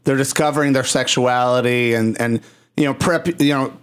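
A man's voice: mid-range voice, fairly even intonation, moderate pace, clean tone. A man hosting a casual podcast chat, rambling and thoughtful with many fillers.

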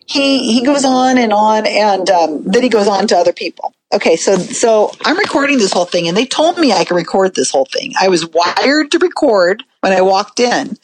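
A woman guest telling a story in a casual, animated way and acting out the people in it. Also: mid-range voice, normal speed, hardly any pauses, crowd noise, low-quality recording. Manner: animated, acts out voices of people in her story. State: a little emotional.

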